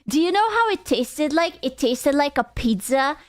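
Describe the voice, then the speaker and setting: A woman's voice: high voice, sing-song, normal speed. A woman streamer chatting casually with her live chat, playful and joking, swearing freely.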